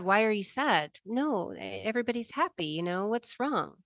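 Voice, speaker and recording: A middle-aged woman earnestly recounting a deeply personal experience, emotional and vivid in her telling. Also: fairly bright tone, dry recording. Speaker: guest telling a near-death experience. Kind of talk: personal testimony.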